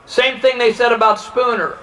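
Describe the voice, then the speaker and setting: A man's voice: extremely high pitch, little pitch movement, moderate pace, fairly bright tone, rough recording. A man from Ohio giving an impassioned political speech, heated, acting out the conversations he quotes. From Ohio, USA. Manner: heated, acts out quoted exchanges. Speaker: political speaker.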